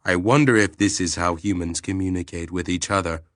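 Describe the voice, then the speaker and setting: An ancient alien intelligence speaks slowly and clinically, weighing every word in a deep, bright-edged voice, as a male narrator puts it on. It sounds detached and literal-minded. The reading is dry and close. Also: fairly even intonation, no echo. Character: ancient calm alien planetary mind, sexless.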